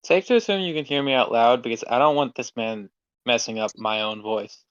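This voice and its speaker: A man's voice: medium pitch, a little fast, a bit bright, dry recording. A man playing a tabletop role-playing game over a call, making wry remarks. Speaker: player. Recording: dull, dry call audio.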